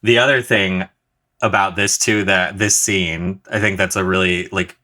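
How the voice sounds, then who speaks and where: Low, bright-voiced male podcast guest. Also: steady tone. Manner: halting, restarts often, laughs. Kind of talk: casual chat.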